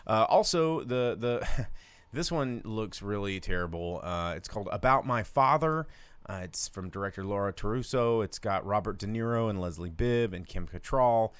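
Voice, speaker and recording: A male podcast co-host rambling and joking his way through casual chat, with lots of fillers. His voice is smooth and resonant. It sits close and dry on a studio mic. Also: on the low side, lively intonation, moderate pace, no room sound.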